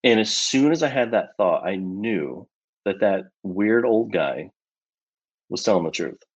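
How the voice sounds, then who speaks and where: A man being interviewed as a guest, telling a personal story in an animated way with lots of casual fillers. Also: lowish voice, measured pace, slightly rough, highs cut off.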